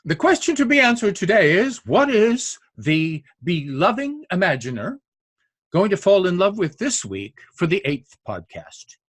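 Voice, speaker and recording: An older man lectures eagerly on poetic meter, his voice husky and breathy. It climbs high and swoops widely as he chants out rhythms and stops for uhs, recorded close and dry. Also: wildly swooping pitch, a little slow, dry recording. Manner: enthusiastic, scats rhythms aloud with many uhs. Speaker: poetry podcast host.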